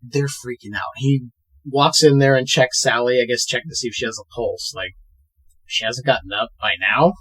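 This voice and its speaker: A man co-hosting a podcast, casually recapping a film scene by scene and acting out characters' lines in quick put-on voices. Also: mid-range voice, breathy edge. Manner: retells scenes with animated quoted voices. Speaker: podcast co-host. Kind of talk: casual movie recap chat.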